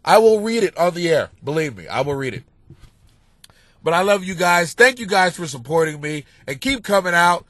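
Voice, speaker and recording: A male comedian hosting a podcast, delivering a crude, profane monologue that swings between muttering and loud yelling. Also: sits high, big pitch swings, moderate pace, no echo.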